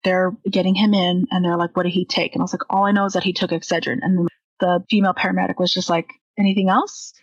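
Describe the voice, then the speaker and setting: A woman's voice: lowish voice, level tone, quick pace, no echo. Young woman, candid storyteller, acts out quoted lines, dry close sound, slightly muffled recording. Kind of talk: personal storytelling.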